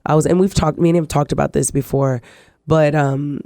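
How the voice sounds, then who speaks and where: A middle-aged woman, a guest telling her life story in an interview, animated and acting out the voices in her quotes. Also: deep voice, fairly quick, no echo, studio quality.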